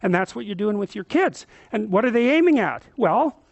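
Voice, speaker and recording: A middle-aged man lecturing as a psychologist, telling stories in an animated, emphatic way and swearing casually. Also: sits high, moderate pace, creaky, no echo, highs cut off. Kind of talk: storytelling lecture.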